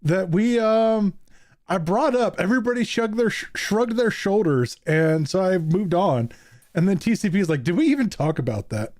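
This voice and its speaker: A man's voice: sits high, normal speed, a little mellow, no echo, clean studio sound. A man hosting a casual podcast chat, telling stories with frequent laughs and fillers. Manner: laughs often, tells stories with many fillers. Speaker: podcast host.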